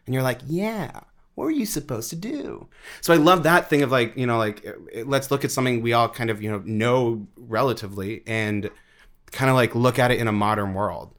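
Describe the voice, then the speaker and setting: A man talking as an interview guest about theater, animated, often saying "like" and "dude" and acting out voices. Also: a little fast. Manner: animated, acts out quoted voices with big pitch jumps; heavy use of "like" and "dude". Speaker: interview guest, actor and writer. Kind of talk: casual conversation.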